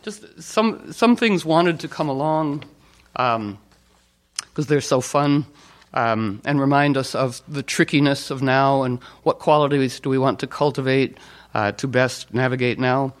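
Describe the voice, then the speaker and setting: A man's voice: medium pitch, measured pace. A man giving an informal talk, rambling with fillers and restarts, and playfully telling anecdotes in which he acts out the people he quotes. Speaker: speaker.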